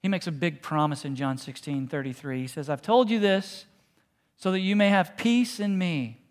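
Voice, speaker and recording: A man preaching a sermon as pastor, talking casually and with humor, then softening to quiet, hushed repetitions. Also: fairly high pitch, normal speed. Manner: conversational, joking preaching that drops to soft, hushed repetitions. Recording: long reverb in a large hall.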